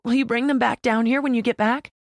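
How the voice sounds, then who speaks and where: A woman voicing a fragile, withdrawn middle-aged mother who talks in a soft, hesitant way, raised above her own low voice. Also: steady tone, brisk, no echo, studio quality, natural voice.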